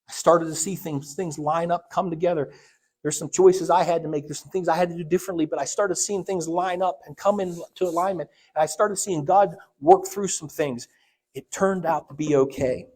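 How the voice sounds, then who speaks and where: A man's voice: steady tone, moderate pace, a little mellow. A man, a church elder, preaching a sermon and telling a personal story, acting out the dialogue with sudden rises and drops in his voice. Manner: storytelling, acts out quoted dialogue with big swings in pitch and volume. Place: church sanctuary.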